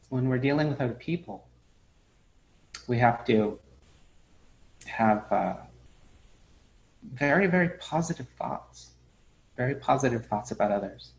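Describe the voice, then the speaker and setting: A man giving a dharma talk as a Buddhist teacher, his voice sitting at an ordinary middle pitch. He speaks in a relaxed, halting way, with plenty of fillers and restarts. He tells stories and briefly acts out the people in them. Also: poor audio.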